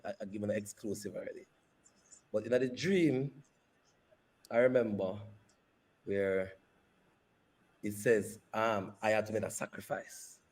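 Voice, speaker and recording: A man, a company CEO, telling a personal story in an interview with animated, repeated phrases. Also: lowish voice. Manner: animated retelling that repeats phrases and slips into patois.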